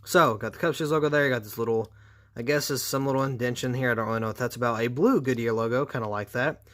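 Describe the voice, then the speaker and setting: Tired guy rambling thru a hobby review, bright voice kinda cracking, sarcastic. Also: medium pitch, fast. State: tired, voice going out. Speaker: diecast reviewer.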